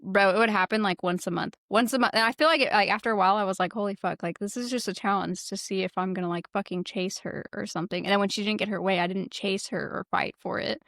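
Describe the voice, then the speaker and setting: Woman co-host with a gravelly voice and dry close sound, profane and animated storyteller. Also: mid-range voice, fast talker, hardly any pauses, dry recording. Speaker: podcast co-host. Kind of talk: casual podcast chat.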